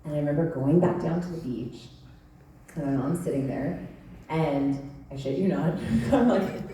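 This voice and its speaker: Low-pitched and dark in tone, her voice moves at a moderate pace over slight background noise. The speaker, a panel guest actress in her thirties, tells chatty stories with laughter and plenty of "like," recorded distantly in an echoey large convention hall.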